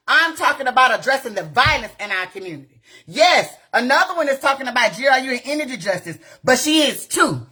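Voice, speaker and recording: A community activist from Gainesville, Florida, rants bluntly and profanely on a live phone video, firing off rhetorical questions in an impassioned way. Her voice is high, bright and forceful, with slight roughness.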